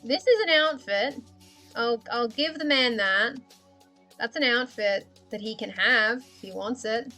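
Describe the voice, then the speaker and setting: A woman's voice: fairly high pitch, measured pace, sharp tone, soft background music. A woman chatting casually on a livestream while she draws, rambling, thinking aloud and often giggling. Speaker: streamer.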